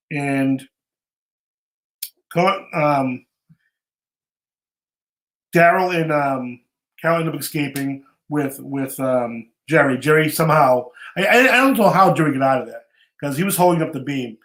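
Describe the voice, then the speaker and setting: A man with a slightly high voice hosts a podcast and recaps episodes in loose, chatty talk. He often stumbles and repeats words as he goes. The room around him rings with echo. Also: expressive, normal speed, pauses often, a bit bright. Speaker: podcast host. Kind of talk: casual recap chat.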